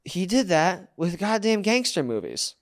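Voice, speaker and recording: A man's voice: high-pitched, sing-song, measured pace. A man from the US, a comedian, telling stories in a casual chat and laughing as he goes. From United States. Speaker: comedian guest.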